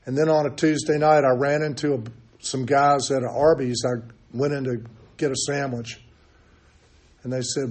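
A man's voice: mid-range voice, little pitch movement, normal speed, a little mellow. An older man giving a candid, self-mocking recovery testimony, talking in a loose storytelling way with many fillers. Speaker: recovery meeting speaker.

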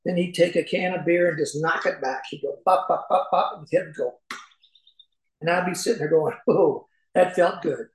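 A man's voice: fairly high pitch, steady tone, brisk. Folksy man telling recovery stories. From Kentucky. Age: middle-aged. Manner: folksy storyteller, acts out voices, chuckles often. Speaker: speaker at a recovery meeting. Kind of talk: personal recovery talk. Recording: echoey room.

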